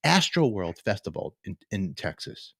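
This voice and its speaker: A man in his fifties hosting a casual live-stream chat show, joking and rambling with excitable energy. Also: lowish voice, normal speed, slightly rough, no echo, studio quality. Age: 50s. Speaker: talk show host.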